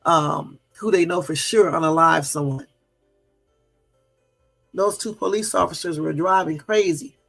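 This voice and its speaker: A man's voice: high-pitched, creaky, a bit bright. A man hosting a casual livestream, talking in an indignant, rambling way with many fillers and chatting with his viewers. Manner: chats with and answers live viewers. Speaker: livestream host.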